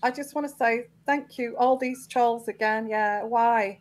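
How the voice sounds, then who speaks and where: A woman's voice: a little high, measured pace, rough recording. A woman hosting her own live tarot show, talking to viewers with many ums and restarts. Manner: hesitant, full of ums and restarts, indignant at trolls. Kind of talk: live-stream chat to viewers.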